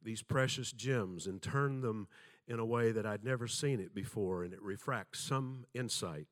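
A man's voice: lowish voice, normal speed. An older man with a Southern American accent, preaching a sermon and telling folksy stories, acting out the voices in them. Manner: folksy storyteller, acts out quoted voices. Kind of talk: sermon with storytelling.

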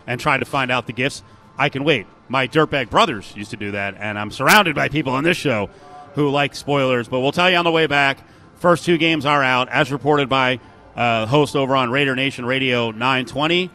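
Bright-voiced man hosting sports radio. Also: medium pitch, moderate pace. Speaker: radio show host. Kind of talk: casual radio sports talk.

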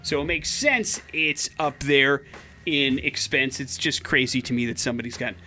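A man co-hosting a morning radio show, chatting casually and excitably with plenty of fillers. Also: mid-range voice, normal speed, soft background music.

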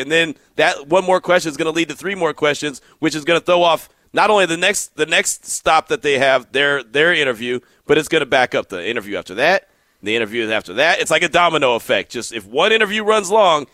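A man hosting a sports radio show, telling stories in an animated way and acting out the quotes. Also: fairly high pitch, no echo. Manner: animated storyteller, acts out quotes. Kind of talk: casual sports radio talk.

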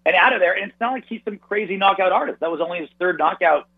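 A man breaking down a fight in a quick, animated, analytical way, often restarting his sentences. His voice comes through husky and narrow, like a phone call, with no room sound around it. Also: sits high, no echo. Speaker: radio and podcast host, guest analyst. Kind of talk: casual sports analysis.

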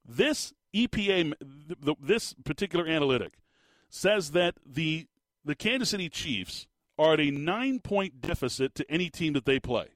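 A man hosting a casual sports talk show, rambling and animated with lots of restarts. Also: on the high side, normal speed, dry recording. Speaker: sports podcast host.

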